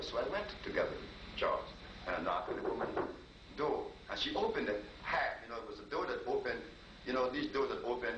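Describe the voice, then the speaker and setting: A man's voice: mid-range voice, lively intonation, brisk, highs cut off. A man giving a talk to a live audience, telling a personal story in a conversational, repetitive way. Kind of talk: anecdotal lecture storytelling. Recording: roomy, distant, noisy live recording.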